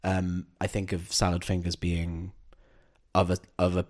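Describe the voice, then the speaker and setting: A man's voice: sits low, monotone, measured pace, a little mellow. A man co-hosting a podcast, talking in casual discussion, hesitant and full of "sort of" hedges. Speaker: podcast co-host.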